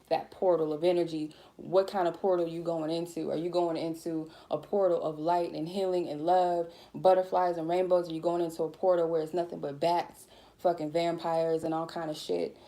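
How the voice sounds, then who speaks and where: A woman tarot reader giving a blunt, profane, laid-back spiritual reading in a mellow, chill way. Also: sits low, level tone, fairly quick. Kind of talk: casual spiritual reading monologue.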